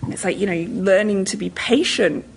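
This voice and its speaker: A woman with a northern English accent speaks on a discussion panel in a slightly husky voice. She tells anecdotes in a lively, laughing way. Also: mid-range voice, normal speed, rough recording. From northern England.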